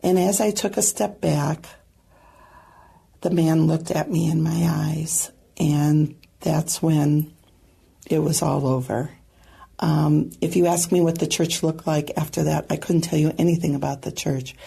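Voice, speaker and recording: A woman guest earnestly recounting a personal testimony, with halting pauses and soft asides. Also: sits low, vocal fry, slightly rough. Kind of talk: personal storytelling.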